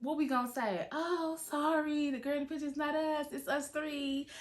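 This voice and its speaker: A woman voicing her blunt, sassy teenage girl friend in a raised, higher voice while telling a story. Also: steady tone, moderate pace, natural voice. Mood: incredulous. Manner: sassy, dismissive.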